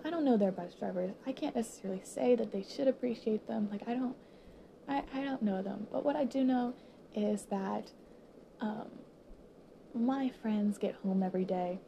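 A teenage girl speaks to her viewers through tears, her voice choked and halting, often sinking into a whisper. Her tone is low in brightness and mellow, with a gravelly creak running through it. She pauses often, searching for words. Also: dull audio, slight background noise. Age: late teens. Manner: halting, full of pauses and fillers, drops into whispers. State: teary, choked up. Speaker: high school student. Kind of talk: emotional personal monologue to viewers.

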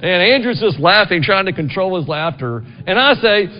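Using a high voice with lively intonation and a moderate pace, a middle-aged man preaches as pastor in a church sanctuary. He keeps it conversational, often asking the congregation "right?", and the recording is dull with long reverb.

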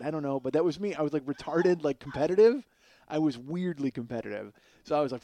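A man hosting a podcast, telling a long comic story in a casual, animated and profane way, mocking himself. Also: mid-range voice, a little fast, dry recording. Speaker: podcast host.

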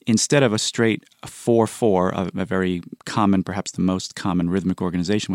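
A man's voice: low-pitched, a little mellow, no room sound, clean studio sound. Man explaining music thoughtfully. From United States. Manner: thoughtful, counts beats and hums rhythms aloud. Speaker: composer guest. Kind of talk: explanatory interview talk.

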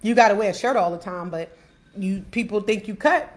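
A woman hosting a podcast in casual chat, animated and laughing as she talks to listeners. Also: mid-range voice, fairly quick. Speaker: podcast host.

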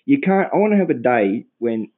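A man's voice: mid-range voice, very animated, brisk. An Australian man ranting crudely and swearing bluntly in casual chat, rambling as he talks. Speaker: podcast co-host. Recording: tinny phone-like audio.

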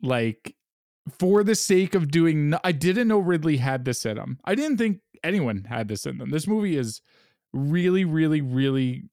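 A man co-hosts a casual podcast with a low-key, wry delivery full of fillers. His voice sits a bit higher than most men's. It is recorded close, with no room echo. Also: expressive, normal speed, a little mellow. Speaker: podcast co-host. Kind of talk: casual chat.

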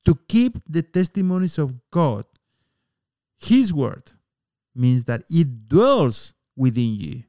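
A man preaching a sermon in an earnest, emphatic way, pausing often and sometimes using fillers. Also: fairly high pitch, big pitch swings, mellow, no echo, studio quality.

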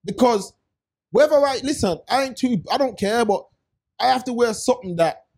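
Man, high-pitched, slangy, emphatic, casual podcast chat. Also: lively intonation, moderate pace, gravelly, a little mellow, husky. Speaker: podcast co-host.

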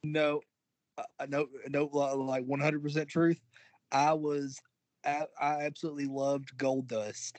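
Podcast guy, kinda monotone, stumbles and restarts a lot, dry sound. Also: on the high side, measured pace, no room sound. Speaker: podcast co-host. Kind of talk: casual chat.

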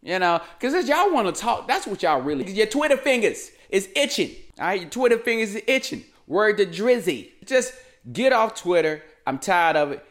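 A young man riffs through a loose comedy rant, his voice sitting high and leaping all over the place. He talks slangy and casual, tossing in "man" every few lines. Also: normal speed. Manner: animated, slangy, keeps saying "man". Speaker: comedic commentary host.

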